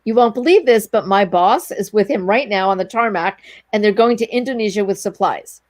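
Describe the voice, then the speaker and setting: A middle-aged woman relating a story with lively energy, jumping into the voices of the people she quotes. Her pitch sits in a middle register and the sound is dry and close, with no room around it. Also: a little fast, no room sound. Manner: animated, breathless anecdote telling with quoted dialogue. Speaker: guest, entrepreneur. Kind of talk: storytelling in a casual interview.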